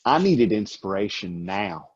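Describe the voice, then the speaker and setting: A man's voice: lowish voice, big pitch swings, measured pace, breathy edge, muffled recording. A man who is a guest on a podcast, chatting casually in a musing way with grand, wordy phrasing. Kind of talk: casual chat.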